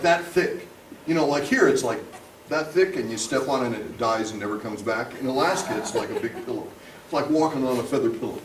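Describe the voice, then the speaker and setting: Man teaching Bible class, bit high voice, funny stories, distant echoey recording. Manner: animated, humorous storyteller. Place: church classroom. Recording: echoey room, distant mic, background noise.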